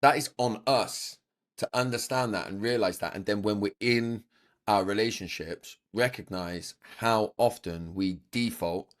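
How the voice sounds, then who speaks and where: Deep-voiced man thinking aloud. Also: unhurried. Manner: reflective, thinks aloud with restarts. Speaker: podcast host. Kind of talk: conversational interview.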